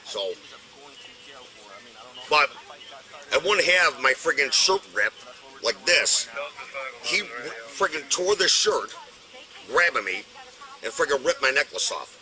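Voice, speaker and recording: A man's voice: mid-range voice, very animated, takes it slowly, long pauses, bright, forceful tone, poor audio. An older man, arguing in the street, agitated and swearing, recorded on a police body camera outdoors. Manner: agitated, swears often, talks over others. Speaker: arrested woman's husband. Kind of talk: heated street argument.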